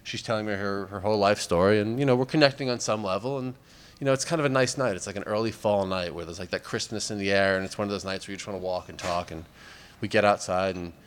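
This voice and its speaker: A man's voice: on the low side, fast talker, clean tone. A man doing stand-up comedy, telling a long story in a rambling, wry way with many fillers.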